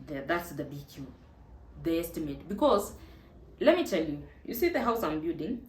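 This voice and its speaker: A woman's voice: deep voice, sing-song, moderate pace. A woman with a Kenyan accent, hosting a casual advice vlog in a chatty, emphatic way. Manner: chatty and emphatic, mixing in Swahili. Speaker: vlog host. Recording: echoey room with faint ambient noise.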